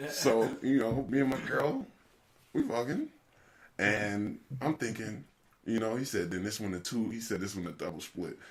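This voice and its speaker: A man's voice: on the low side, sing-song, moderate pace. A man hosting a podcast, casually retelling a comedy show in a loose, profane, laughing way. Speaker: podcast host. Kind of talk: casual storytelling chat.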